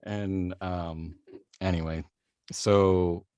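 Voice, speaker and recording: A man's voice: low-pitched, fairly even intonation, drawn-out words, a little mellow, clean tone, dry recording, lo-fi sound. A man, a voice actor, telling his story in a rambling, self-deprecating way during a casual interview, laughing easily. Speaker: voice actor guest.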